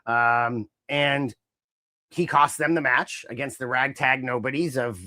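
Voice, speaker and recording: Animated man with dry close sound. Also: medium pitch, unhurried, dry recording. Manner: animated, acts out wrestlers' lines in mimicking voices. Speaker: podcast co-host. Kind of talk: casual wrestling chat.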